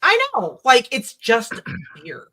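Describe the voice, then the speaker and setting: A woman's voice: on the high side, huge pitch swings, takes it slowly, sharp tone. A woman with a Minnesota accent hosting a casual late-night livestream chat from home, joking, laughing and swearing freely. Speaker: livestream host.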